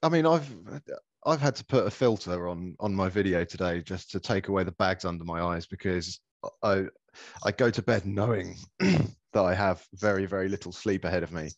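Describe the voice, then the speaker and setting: A man's voice: sits low, normal speed, dry recording, muffled recording. A man co-hosting a podcast in casual chat, laid-back, blunt and dry in his remarks. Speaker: podcast co-host.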